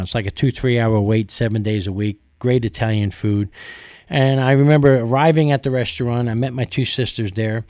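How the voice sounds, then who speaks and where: A man's voice: medium pitch, warm tone, no room sound. Preacher guy telling his story, earnest, lots of uh's, dry mic, plain middle voice. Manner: earnest storytelling, frequent uh fillers. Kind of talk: testimony sermon.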